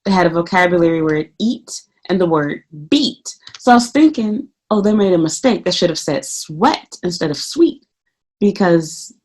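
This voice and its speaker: Woman, casual vlogger, profane and animated, medium-pitched voice, acts out her own lines. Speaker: English teacher in Japan. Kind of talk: casual venting vlog.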